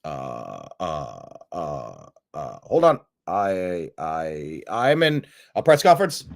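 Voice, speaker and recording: A man's voice: very deep voice, huge pitch swings, slow pace, creaky, pitched below the performer's own voice, heavily acted. A man voicing an old male president who stammers and trails off with many uhs. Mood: confused mumbling.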